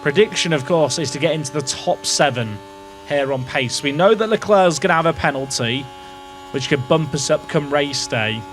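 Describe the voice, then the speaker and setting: A man's voice: on the high side, animated, moderate pace, a bit bright, a little hiss or hum. A man hosting and commenting on his racing management game, thinking aloud about strategy with wry asides to his chat.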